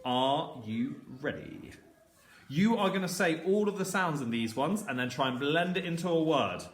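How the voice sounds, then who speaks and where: A man teaching a phonics lesson to young children, slowly sounding out words and encouraging them. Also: a little high, expressive, echoey room. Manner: slow, sounding out words letter by letter. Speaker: primary school teacher.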